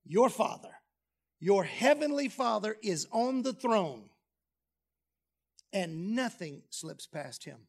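A man preaching a sermon, lively and humorous, dropping low and soft on key phrases. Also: slow pace, creaky, pauses often. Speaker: pastor. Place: church sanctuary.

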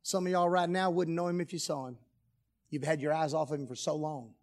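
A man preaching a joking, animated sermon that swings between loud and hushed. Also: fairly high pitch, a little fast.

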